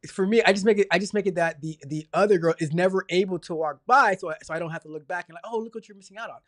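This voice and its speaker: A man hosting a casual livestream, chatty and energetic, rambling along and stumbling over repeated words. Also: sits high, quick pace, no room sound, studio quality. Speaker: livestream host.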